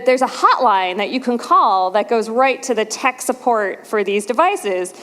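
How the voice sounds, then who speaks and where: A woman giving a conference talk, telling a story in a lively way with bits of acted dialogue. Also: mid-range voice. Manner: lively storyteller, acts out quoted voices. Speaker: conference speaker. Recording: long hall reverb.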